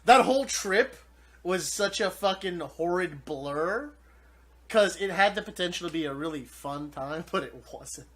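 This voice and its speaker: A man on a podcast call tells a wild travel story, swearing freely and breaking into laughter. His pitch climbs sharply when he gets worked up, then drops low and quiet between the punchlines. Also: measured pace, slight background noise. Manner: profane, animated storytelling with laughter. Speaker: podcast co-host. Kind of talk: casual chat.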